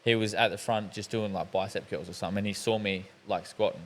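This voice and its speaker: A man's voice: lowish voice, steady tone, quick pace, fairly bright tone, slight background noise. A young man, hosting a podcast and telling rambling, sweary stories in casual chat. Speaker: podcast host.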